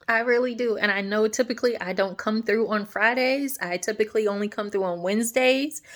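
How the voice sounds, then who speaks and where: A woman giving a casual devotional talk to her viewers, chatty and animated, often asking "right?" and acting out quoted voices. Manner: acts out quoted voices, often drops soft and low. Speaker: faith vlogger.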